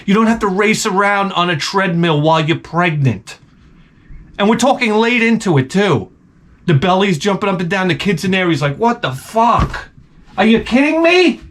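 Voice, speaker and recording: A man's voice: high-pitched, a bit bright. A man giving blunt, profane advice in a rambling comedic rant, a little tipsy from beer. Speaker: advice vlogger answering viewer questions.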